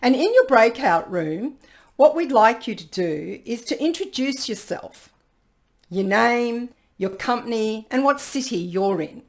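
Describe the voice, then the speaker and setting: Woman facilitator, higher voice, unhurried, lively, video call workshop. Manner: lively, playfully acts out people's inner dialogue. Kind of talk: online workshop presentation.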